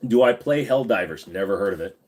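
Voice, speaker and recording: A man's voice: fairly low pitch, lively intonation, brisk, a little mellow. Easygoing guy chatting on his livestream, rambly, curses here and there. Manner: rambling, laid-back, swears casually. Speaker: livestream host. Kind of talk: casual livestream chat answering viewers.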